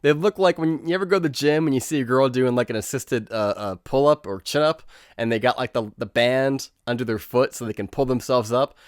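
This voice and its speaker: A man's voice: medium pitch, a little fast, clear, resonant tone, no room sound, studio quality. Profane, sarcastic male movie reviewer. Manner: animated, sarcastic, swears freely, mocks scenes in put-on quotes.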